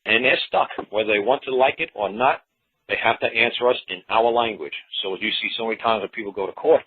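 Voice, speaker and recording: A man's voice: on the low side, fast, husky. A man hosting a talk show, explaining things in a blunt, folksy, rambling way. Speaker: show host. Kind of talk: call-in talk monologue. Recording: tinny phone-line sound.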